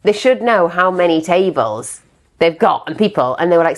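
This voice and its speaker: Woman, podcast host, lowish voice, brisk and teasing, casual chat. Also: lively intonation.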